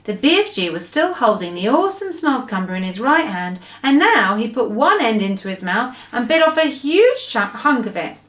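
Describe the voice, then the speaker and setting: A woman teacher reading a children's story aloud to her class with expressive narration. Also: on the high side, normal speed, hardly any pauses, reverberant.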